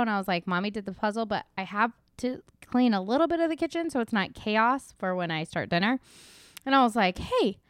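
A chatty woman in her thirties talking casually on a faith podcast. Her voice is smooth and resonant, recorded close and dry with no room sound. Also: mid-range voice, dry recording. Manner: chatty, many fillers like "like" and "you know". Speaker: podcast co-host.

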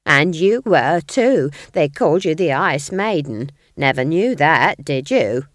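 Woman playing a bawdy, shrill old witch. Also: lively intonation, unhurried, no room sound, studio quality. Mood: bickering. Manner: shrill, indignant bickering.

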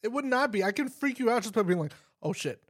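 A man's voice: very high-pitched, fast talker, fairly bright tone, dry recording, studio quality. A young man co-hosting a podcast, telling a story in a rambling, casual way with lots of "like" and frequent laughter. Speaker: podcast co-host. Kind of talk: casual chat.

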